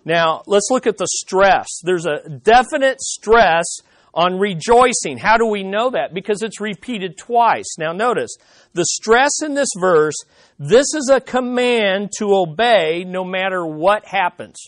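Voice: medium pitch, lively intonation, a little slow, no room sound. A pastor preaching a sermon in an emphatic, conversational way, repeating key points and asking the listeners questions.

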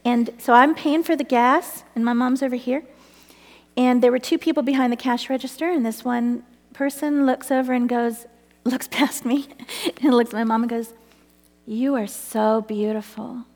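A woman's voice: high voice, fairly even intonation, moderate pace. Earnest woman storyteller in a reverberant space. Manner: earnest, breaks into laughter as the story builds. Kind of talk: personal faith storytelling.

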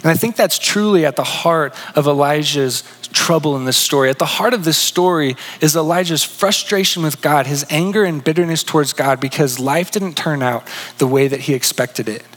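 A man delivers a sermon in a fairly high voice. He talks earnestly, asks his listeners questions and often sinks into a soft hush. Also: normal speed, long reverb tail, low-quality recording. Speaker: pastor.

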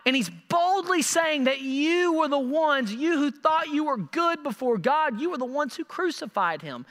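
A man preaching a sermon, animated and repeating words as he acts out scripture quotes. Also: extremely high pitch, unhurried, hardly any pauses, long reverb tail. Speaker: pastor.

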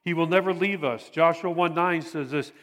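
An older man delivers a sermon with a slightly high voice, earnest and unhurried, often circling back to repeat a phrase. His words carry a long reverb, as if recorded in a large church hall. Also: fairly bright tone. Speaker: preacher.

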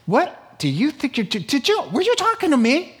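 A man's voice: fairly high pitch, sing-song, slow. A man voicing a mocking male demon who taunts and boasts. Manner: sneering, boastful threats.

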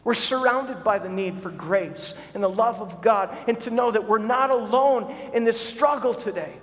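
A middle-aged man preaches a sermon in a church sanctuary, and his voice sits high for a man. He speaks earnestly and often doubles words as he starts sentences. A long hall reverb trails each phrase. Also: moderate pace, fairly bright tone. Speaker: pastor.

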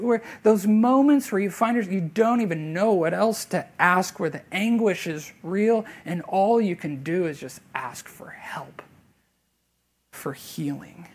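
A man preaching a sermon as pastor, earnest and conversational, rising to loud emphasis and then dropping to a hushed near-whisper. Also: high-pitched, measured pace, slightly rough. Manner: conversational, with fillers and restarts.

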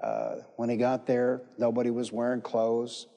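A male preacher delivering a sermon, emphatic and repetitive, often turning to the congregation with questions. His voice is dark and mellow. A long hall reverb trails behind him. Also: mid-range voice, big pitch swings, moderate pace, creaky, lo-fi sound. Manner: emphatic, repeats phrases, calls congregation to respond.

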